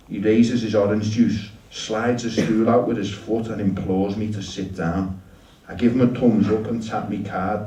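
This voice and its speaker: A man telling a story live in a dry, deadpan way, swearing freely. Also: lowish voice. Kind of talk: live spoken-word storytelling. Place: shop venue with audience. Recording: roomy shop, mic at a distance.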